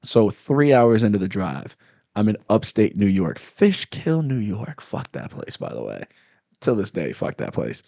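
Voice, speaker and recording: A man's voice: on the low side, unhurried, gravelly, dry recording. A man, a comedian, telling a story in casual chat and acting out the angry people in it. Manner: animated storyteller, acts out angry cops loudly. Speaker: comedian guest.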